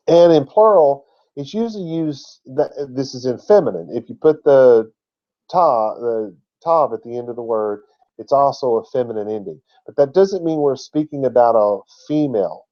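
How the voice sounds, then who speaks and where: A man's voice: mid-range voice, highs cut off. A man giving an emphatic teaching talk who spells out words letter by letter. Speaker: Bible teacher.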